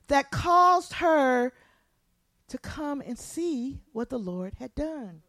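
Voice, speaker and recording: A woman preaching a sermon in church, swinging from soft, low asides to impassioned near shouting. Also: big pitch swings, takes it slowly, no room sound.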